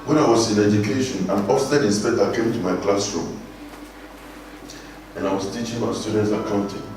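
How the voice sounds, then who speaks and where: A man's voice: fairly low pitch, fairly even intonation, moderate pace, darkish tone. A man pastor preaching a sermon, exhorting the congregation and repeating lines for them to echo back while reading scripture aloud. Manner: reads scripture aloud and comments on it. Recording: echoey hall, distant mic, music behind.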